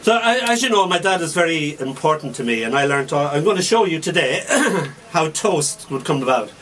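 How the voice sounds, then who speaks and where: A man's voice: on the high side, big pitch swings, fairly bright tone. An Irish man in his sixties with a Kildare accent, a guest poet telling playful stories on a radio show. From Ireland. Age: 60s. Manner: playful, storytelling, quick to laugh. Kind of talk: casual radio chat. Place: hospital radio studio. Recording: distant mic with faint hiss.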